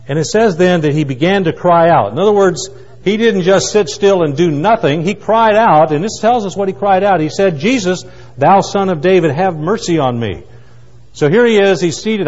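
Man preaching in a big echoing hall. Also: on the high side. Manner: dramatic swings from loud cries to hushed asides. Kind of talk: sermon. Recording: muffled, with long hall reverb.

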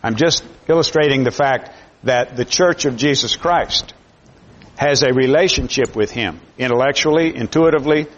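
A man's voice: medium pitch, moderate pace. A man preaching a sermon to his congregation, emphatic, often repeating words as he builds each point. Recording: dull lo-fi sermon recording.

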